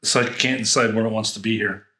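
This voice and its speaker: A man's voice: on the low side, steady tone, quick pace, sharp tone, roomy sound. A man reviewing fragrances in a casual unboxing, rambling and thinking aloud with frequent restarts.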